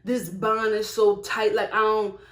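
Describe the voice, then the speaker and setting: A woman's voice: mid-range voice, flat delivery, a little slow, fairly bright tone, echoey room, pitched below the performer's own voice, close to an everyday voice. A woman voicing a smug young man in his twenties who brags and fumbles for words. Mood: boastful.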